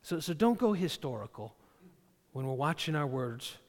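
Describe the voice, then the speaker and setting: A man's voice: fairly high pitch, big pitch swings, moderate pace. A man preaching a sermon as a pastor in a church, talking conversationally and often repeating words as he starts a phrase. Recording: long reverb of a large hall.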